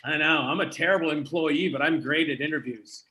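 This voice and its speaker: A man's voice: fairly high pitch, a little fast, a crowd in the background. A young man from Canada doing a live stand-up comedy set, self-deprecating and conversational. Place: comedy venue with live audience.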